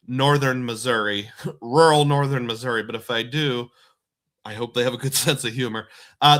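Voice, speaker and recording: A man's voice: medium pitch, bright, forceful tone. A man in his forties from southeast Iowa, hosting a live stream and chatting through viewer comments with frequent laughs. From southeast Iowa, USA. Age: 40s. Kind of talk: casual live stream chat.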